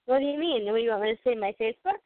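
A woman's voice: a little high, lively intonation, very fast, no room sound. A woman calling in to a show by phone, chatting in a playful, self-assured way. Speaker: caller. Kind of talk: casual call-in chat. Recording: tinny phone line.

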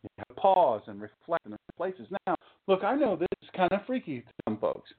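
A man's voice: sits high, huge pitch swings, fairly quick, breathy edge. A man giving an informal sermon talk as a preacher, chatty and joking, full of rhetorical questions and asides. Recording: tinny phone-like sound.

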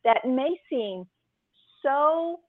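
Animated woman on a tinny phone line. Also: high-pitched, very slow, dry recording. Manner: animated storyteller, retelling scenes with emphasis. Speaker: writing podcast co-host. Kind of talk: casual chat.

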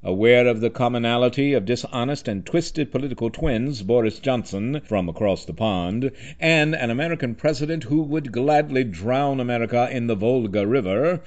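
A man's voice: medium pitch, a little mellow. Impassioned male talk radio host. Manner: impassioned, rhetorical, declaiming in lists. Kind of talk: scripted political commentary.

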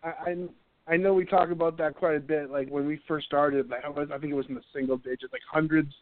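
Energetic man hosting live radio, phone-line sound. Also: a little high, fast talker, no echo. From North Carolina. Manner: energetic, rambling with restarts. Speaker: radio show host. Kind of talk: casual live radio talk.

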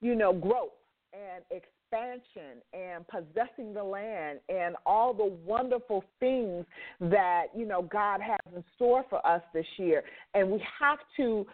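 A woman's voice: mid-range voice, takes it slowly. A woman hosting a faith talk radio show, her voice nasal from congested sinuses, speaking fervently and repeating words for emphasis. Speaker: host. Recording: phone line.

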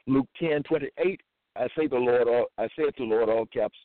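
A man preaching alone, reading scripture verses aloud in a slow, formal, deliberate cadence. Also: mid-range voice, no echo. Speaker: self-styled religious preacher. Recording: tinny phone-like dry audio.

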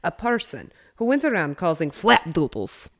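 A woman co-hosting a podcast, telling a story in casual chat, animated and laughing often with playful asides. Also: on the low side, moderate pace. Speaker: podcast co-host.

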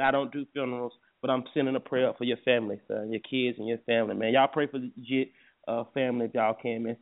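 A man hosting a casual morning show, joking and cursing freely. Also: mid-range voice. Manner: joking, crude and profane. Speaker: radio show host. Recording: tinny phone-like sound with faint music.

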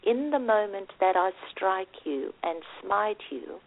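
A woman reading aloud as a gentle, loving female soul of light in a storybook, in a soft, hushed voice. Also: medium pitch, animated, takes it slowly, creaky, exaggerated voice. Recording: phone-like line.

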